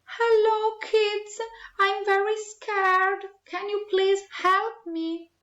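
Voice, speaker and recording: A woman voicing a frightened little child who asks a class of kids for help, in a high pleading voice. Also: level tone, extremely slow, fairly bright tone, reverberant, highs cut off, heavily acted. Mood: scared pleading.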